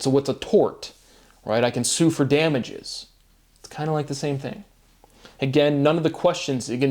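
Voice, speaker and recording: A man's voice: fairly high pitch, darkish tone. A man speaking a rambling solo monologue, free-associating wordplay, asking himself rhetorical questions and tagging lines with "right?". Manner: often tags lines with "right?" and chuckles at himself. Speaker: solo video monologue host.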